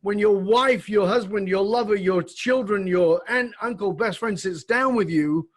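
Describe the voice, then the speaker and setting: Reflective male podcast host, slightly high voice. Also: a little slow. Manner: reflective, builds to emphatic questioning. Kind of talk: conversational interview.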